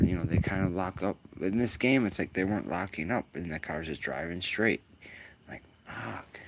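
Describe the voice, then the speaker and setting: A man's voice: low-pitched, a little hiss or hum. A man giving casual, rambling commentary while sim racing, musing aloud with lots of fillers.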